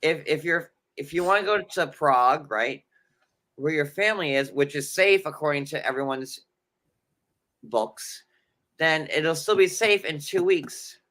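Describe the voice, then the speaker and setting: A man's voice: a little high, unhurried, a bit bright. A man with a New York accent, co-hosting a casual recap chat, rambling with fillers and jokey asides. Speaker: podcast co-host.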